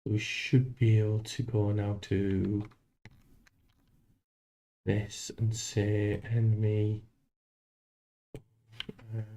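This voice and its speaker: A man streaming live while coding a game, thinking aloud in a halting, self-deprecating way. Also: on the low side, dark tone, a little hiss or hum.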